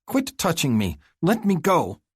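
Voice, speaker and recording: A man voicing a feisty young woman stranded on an alien world, yelling defiantly in an audiobook. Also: on the high side, wildly swooping pitch, measured pace, slightly rough, no echo, clean studio sound, pitched above the performer's own voice, full character voice. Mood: yelling angrily. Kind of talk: audiobook character voice.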